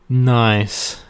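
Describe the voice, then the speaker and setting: A man co-hosting a podcast, telling jokes in casual chat, animated and swearing. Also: mid-range voice, slight background noise. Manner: animated storyteller, swearing, laughs at his own jokes. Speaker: podcast co-host.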